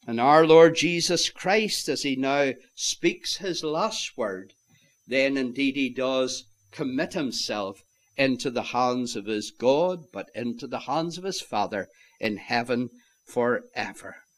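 A man preaching a sermon, swinging from loud declarations to hushed, near-whispered lines and calling his listeners "my friends". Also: medium pitch, animated, slow.

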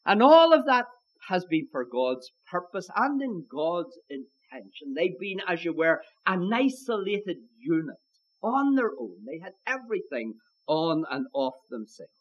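Irish male preacher, fairly high voice swinging widely, unhurried sermon delivery, dull lo-fi recording. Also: sing-song. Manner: emphatic, repeats key lines, addresses listeners as "my friends".

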